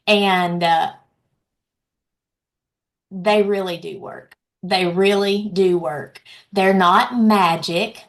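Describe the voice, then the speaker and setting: A bubbly woman hosts a live community event with upbeat, emphatic energy. Her voice sits at a middle pitch, and she talks straight to her audience. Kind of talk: enthusiastic live event hosting.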